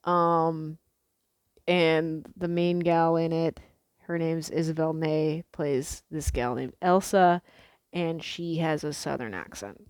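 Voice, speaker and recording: Young woman vlogger, low pitch, dry close sound, loose sweary chatty delivery. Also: fairly even intonation, slow, a little mellow, clean tone, no echo. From Pacific Northwest. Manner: chatty, swears freely, frequent fillers and restarts. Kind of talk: casual rambling monologue.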